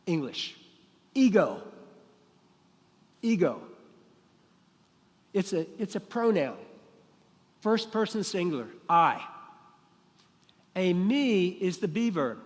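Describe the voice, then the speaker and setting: A man preaches a sermon from the front of a church, his voice pitched a little high. He teaches like a classroom lesson and keeps asking his listeners questions. The sound rings with a long reverb from the hall. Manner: teacherly, asks the congregation questions. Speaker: pastor. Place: church sanctuary.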